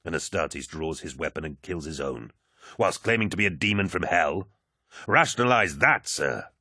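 A man's voice: very deep voice, normal speed, pushed and bright, dry recording, studio quality, full character voice. A man voicing a grave giant warrior. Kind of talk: audiobook character voice.

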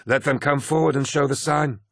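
A man's voice: medium pitch, steady tone, fairly quick, breathy edge, no echo, clean studio sound, pitched above the performer's own voice. A man voicing a stern, rule-bound male warrior who speaks in a stiff, insistent way, read as an audiobook character.

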